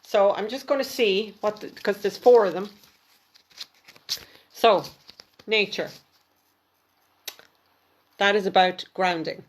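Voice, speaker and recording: A woman's voice: medium pitch, takes it slowly, long pauses. A woman, a spiritual mentor, giving intuitive card readings on a live stream and speaking fondly to each viewer by name. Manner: warm, affectionate, speaks directly to viewers by name. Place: home, at a table with cards.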